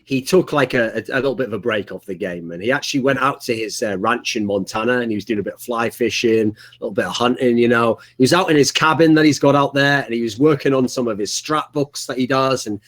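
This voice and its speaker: A man's voice: medium pitch, quick pace, hardly any pauses, fairly bright tone. Rambling male podcast storyteller. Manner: rambling, lots of fillers and self-aware asides. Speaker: podcast co-host, esports commentator. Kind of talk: casual storytelling chat.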